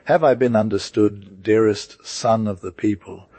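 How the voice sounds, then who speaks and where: Guy reading pompous hungry gent, grand flowery talk, lowish voice. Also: measured pace, warm tone, no room sound. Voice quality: grandiloquent, lordly. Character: pompous hungry gentleman traveller.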